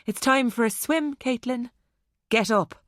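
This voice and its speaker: A woman voicing an unhinged young woman who talks about murder with a mocking calm. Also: fairly high pitch, a little slow, no echo, clean studio sound, voice pushed up. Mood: coldly menacing. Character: unhinged young Irish woman, cold and menacing.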